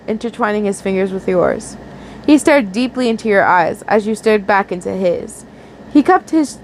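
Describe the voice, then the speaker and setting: A woman's voice: medium pitch, a little hiss or hum, rough recording. A young woman earnestly reading a romantic fan story aloud, often stumbling and restarting words. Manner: earnest, with frequent slips and restarts. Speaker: fanfiction reader.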